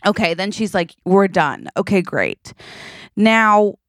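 A woman in her thirties co-hosts a casual podcast, telling stories animatedly and acting out the people in them. Her voice sits at an ordinary middle pitch. The recording is close and dry. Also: takes it slowly, no room sound. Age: 30s. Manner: animated storyteller, acts out her own lines, peppers talk with "okay?" and "like". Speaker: podcast co-host.

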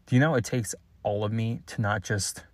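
Low-voiced man, frustrated confessional monologue. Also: steady tone, darkish tone, dry recording. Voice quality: frustrated, halting and blunt. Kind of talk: confessional spoken message.

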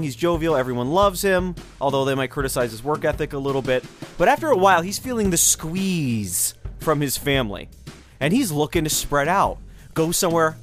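A man hosting a history show, telling the story in a loose, conversational way with speculative asides. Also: fairly high pitch. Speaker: history podcast host. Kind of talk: casual history lecture.

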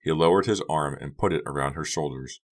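A man narrating an audiobook in a steady storytelling delivery. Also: very deep voice, a little fast.

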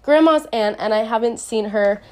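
A woman's voice: on the high side, normal speed, darkish tone. Congested young woman hosting a podcast. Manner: chatty, laughs often, says "like" a lot. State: congested, nasal voice. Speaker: podcast host. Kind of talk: casual solo podcast talk.

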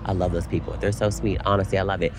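A young man co-hosting a podcast, telling an animated story in casual chat and swearing freely. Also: sits low, quick pace, music in the background. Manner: animated storytelling, frequent cursing. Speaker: podcast co-host.

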